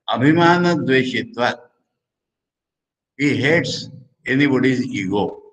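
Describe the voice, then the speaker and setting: An older man with an Indian English accent, a monk who teaches scripture slowly, repeats phrases and recites Sanskrit verses. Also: medium pitch, fairly bright tone, rough recording. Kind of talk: religious discourse.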